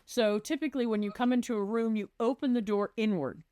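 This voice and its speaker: A woman's voice: fairly high pitch, fairly quick, warm tone, no room sound, studio quality. A woman who works as a residential designer, chatting on a podcast and animatedly acting out conversations with clients.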